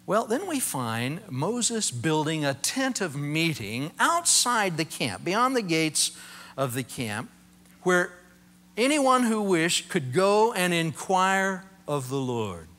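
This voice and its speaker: Lively, bright-voiced male preacher. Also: on the high side, takes it slowly. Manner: animated storytelling, acting out quotes with humor. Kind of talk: sermon.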